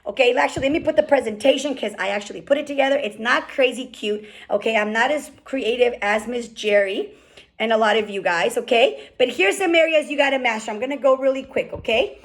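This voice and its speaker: Woman, high voice, motivational team call, fast and fired up, keeps asking okay?. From California. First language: Spanish. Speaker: team leader speaking on a group call. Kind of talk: motivational business talk. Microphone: call microphone.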